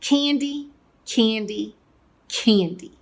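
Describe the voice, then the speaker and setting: A woman running a kids' cooking lesson and reading a children's story aloud with an expressive storyteller's delivery. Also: on the high side, drawn-out words, creaky. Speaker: cooking and reading teacher for kids.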